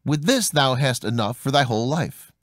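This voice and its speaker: A man's voice: mid-range voice, animated, moderate pace, dry recording, studio quality, close to an everyday voice. A man voicing a cheerful, generous young journeyman joiner who speaks in a friendly, courteous, old-fashioned way.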